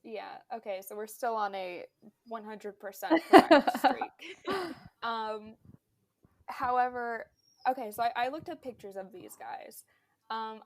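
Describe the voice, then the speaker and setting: A young woman co-hosting a casual podcast, running a quiz and talking in a chatty way with frequent hesitations. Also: fairly high pitch. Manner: chatty, hesitant with many fillers.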